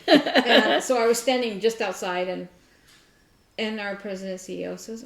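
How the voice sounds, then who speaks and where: A woman of middle pitch tells an animated story and laughs at herself as she goes. Her voice bounces around a roomy, echoing space. It is a relaxed, chatty co-host conversation. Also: moderate pace, creaky. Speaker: podcast co-host. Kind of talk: casual chat, storytelling. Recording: roomy echo.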